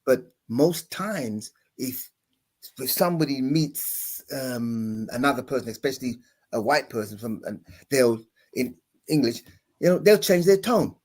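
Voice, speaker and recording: A man, a pastor guest on a panel, explaining in a halting conversational way with many restarts and sung demonstrations. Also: mid-range voice, a little mellow.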